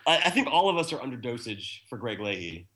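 A man's voice: mid-range voice, quick pace, heavy background noise. A man hosting a podcast in casual chat, telling stories with lots of laughter. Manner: animated storytelling, laughs often. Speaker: podcast host.

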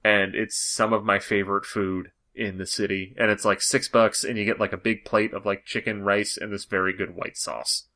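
A man's voice: on the low side, flat delivery, sharp tone. A man hosting a podcast in casual chat, rambling along with many "like" fillers. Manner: rambling, fast, full of "like" fillers. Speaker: podcast host.

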